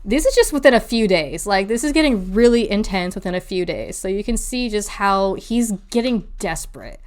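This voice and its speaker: Smooth-voiced woman hosting true crime chat. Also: medium pitch, lively intonation, moderate pace. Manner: conversational, swears, says 'like' often. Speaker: podcast co-host.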